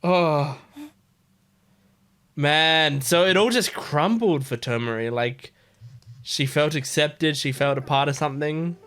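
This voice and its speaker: A woman's voice: deep voice, slow, pauses often, a bit bright. A woman hosting an anime reaction video, talking casually and emotionally, with exclamations and swearing. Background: faint anime music.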